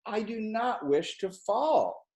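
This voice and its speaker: A man putting on a shrill, panicky goldfish. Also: lively intonation, normal speed, a little mellow, natural voice. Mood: alarmed. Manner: high-pitched pleading. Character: anxious fussy goldfish, high and shrill.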